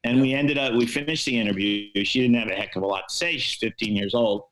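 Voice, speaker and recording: An older American sportswriter tells stories in a podcast interview. His middling voice stays wry and self-deprecating. He fills his pauses with ums and uhs. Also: mid-range voice, fairly bright tone, low-quality recording. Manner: wry, self-deprecating anecdotes with many fillers. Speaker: sportswriter guest.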